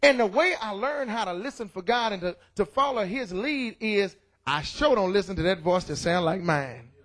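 A middle-aged man preaching a loud, excited sermon in church, calling out to the congregation. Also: high voice, normal speed. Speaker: pastor. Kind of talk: energetic sermon.

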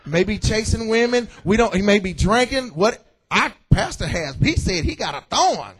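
Lively high-voiced preaching pastor. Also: male voice, moderate pace, husky. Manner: lively, joking preaching with call-outs to the congregation. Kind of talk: sermon. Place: church.

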